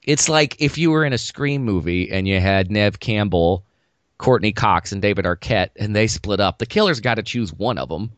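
A man co-hosting a casual chat, riffing in an animated, sarcastic way. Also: on the low side, normal speed, dry recording.

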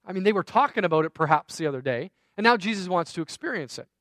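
A man's voice: high-pitched, lively intonation, fast talker, a bit bright, no echo. A man preaching a sermon, telling a story in a conversational way with self-deprecating asides. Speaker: pastor.

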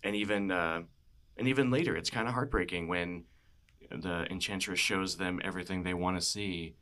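A man's voice: sits low, normal speed, bright, forceful tone. A man talking casually about films, rambling with lots of fillers and frequent laughs. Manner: rambling, many "you know" fillers, laughs often. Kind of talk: casual film chat.

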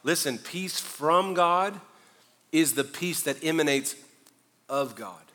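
A male pastor preaches with a bright, forceful tone that climbs in intensity toward the close. He breaks into casual, self-deprecating stories before building back up. His voice rings out through the long reverb of a large church hall. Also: on the high side, expressive, takes it slowly. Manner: preaches with rising fervor, conversational asides and self-deprecating humor. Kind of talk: sermon.

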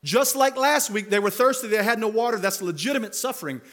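A pastor with a voice that sits high and sounds a bit bright preaches an expository sermon at a fast pace. His talk is conversational, rising toward emphatic rhetorical questions.

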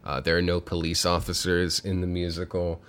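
Very deep-voiced laid-back podcast guy. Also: completely flat delivery, fairly quick, fairly bright tone. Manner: laid-back, with many fillers and some swearing. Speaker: podcast co-host. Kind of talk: casual chat, retelling a movie plot.

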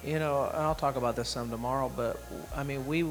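A man's voice: medium pitch, steady tone, fairly quick, music in the background. A middle-aged man leading a dinner gathering in an informal sermon and prayer, talking in a rambling, emotional way with many restarts. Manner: rambling and conversational, with frequent restarts; emotional, tearing up. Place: dinner event room.

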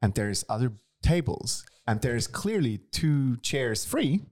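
A man's voice: mid-range voice, big pitch swings, takes it slowly, a little mellow. A young man co-hosting a comedy podcast, telling stories with dry, wry humor and casual swearing. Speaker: podcast co-host.

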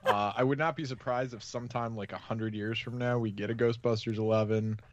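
A man's voice: medium pitch, steady tone, fairly quick, lo-fi sound, slight background noise. A tired man co-hosting a podcast, easygoing and laid-back in casual chat. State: tired, low on energy. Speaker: podcast co-host.

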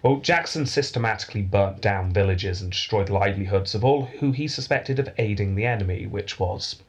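Brief: male podcast host, low husky voice, dry joking history storyteller. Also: a little fast. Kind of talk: casual history podcast chat.

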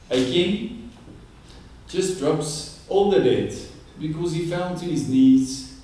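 A man's voice: mid-range voice, slight background noise. Man preaching in an echoey hall. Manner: conversational, animated storytelling. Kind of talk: sermon. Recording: echoey room, distant mic.

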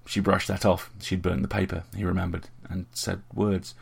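A man reading a fantasy story in a steady, measured storytelling voice. His tone is very deep and heavily gravelly, with a husky texture. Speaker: narrator. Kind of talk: audiobook narration.

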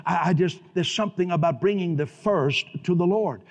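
In a large church hall, a pastor with a high-sitting voice preaches an emphatic sermon at a moderate pace, frequently repeating himself and restarting sentences. The recording sounds dull, with a long reverb from the hall.

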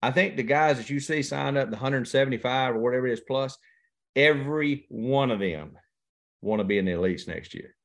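This man in his fifties speaks at a medium pitch and a fairly quick pace. He's a professional angler appearing as a guest in a casual interview, telling stories like a folksy, drawling yarn-spinner and quoting other people's words.

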